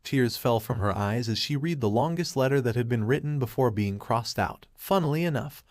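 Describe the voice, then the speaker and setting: Steady male story narrator, dry sound. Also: medium pitch, moderate pace, no room sound. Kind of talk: fan fiction story narration.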